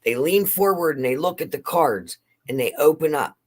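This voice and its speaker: Tarot reader, casual chat, calm and explanatory, mid-pitched. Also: moderate pace.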